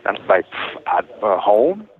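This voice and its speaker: A man with a fairly low voice talks fast. He tells his story in a rambling way, keeps correcting himself and acts out the back-and-forth. The sound is thin, like a phone line. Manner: rambling, self-correcting, retells dialogue. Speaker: interviewee telling his story. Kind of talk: personal account in casual talk.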